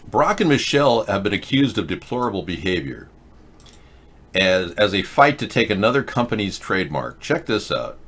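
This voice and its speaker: A man's voice: lowish voice, sing-song, moderate pace, a bit bright. A man hosting a live-stream show, talking in a rambling, sarcastic way with frequent restarts. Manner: rambling, sarcastic, self-interrupting. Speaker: host. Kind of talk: casual live-stream commentary.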